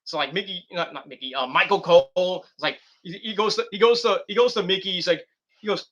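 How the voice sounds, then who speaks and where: A man's voice: high voice, fast talker, fairly bright tone, highs cut off. A man reviewing a wrestling show in a loose, rambling way, giggling and restarting his sentences. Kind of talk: rambling casual commentary.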